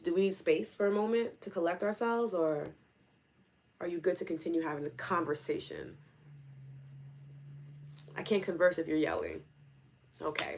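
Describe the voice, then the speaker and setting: A woman in her thirties from New York City hosts a live stream, greeting viewers by name and answering their comments. Her voice sits a little low, and she talks in an animated way, laughing often and speaking straight to her audience. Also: vocal fry, slight background noise. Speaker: host.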